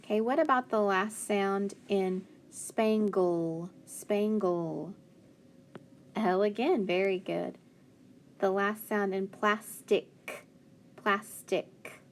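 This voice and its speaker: A woman teaching a phonics lesson to children, sounding out letters and words slowly and clearly. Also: medium pitch, a little hiss or hum.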